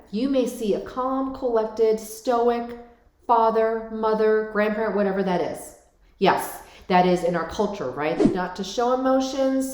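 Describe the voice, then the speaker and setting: A middle-aged woman talking casually to camera about parenting, animated and addressing viewers directly. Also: mid-range voice. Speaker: parenting vlogger. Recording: echoey room.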